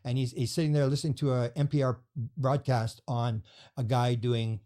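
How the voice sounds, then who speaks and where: A man being interviewed as a guest, telling stories quickly and acting out the people he quotes. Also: mid-range voice, flat delivery, warm tone. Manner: rapid storytelling, acting out quoted voices. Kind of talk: storytelling in a podcast interview.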